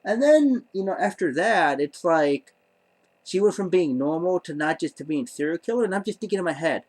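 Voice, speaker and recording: A man's voice: sits high, lively intonation, moderate pace. A man telling a story to camera in a rambling, stammering way, full of exasperated disbelief. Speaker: vlogger.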